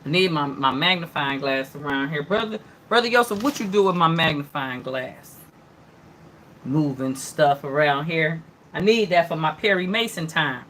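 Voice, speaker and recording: A woman with a medium-pitched, sharp voice hosts an online news hour livestream, reading headlines aloud and reacting loosely and chattily. She fills it with mm-hmms and asides, greeting and answering viewers by name.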